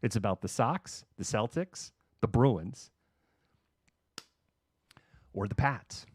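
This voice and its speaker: This livestream host, a middle-aged man from Massachusetts, speaks slowly in a lowish, slightly rough voice. Broadcasting from a home room, he's chatty and sarcastic and does voices for people he quotes. The sound is clean studio quality with no echo.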